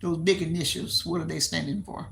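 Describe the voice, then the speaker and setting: A woman's voice: sits low, steady tone, brisk, gravelly, a bit bright, slight background noise. An older woman from Texas with a Texan accent, hosting a livestream and chatting with her viewers. She rambles, repeats herself, laughs easily and answers comments aloud. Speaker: livestream host. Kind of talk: casual chat with live viewers.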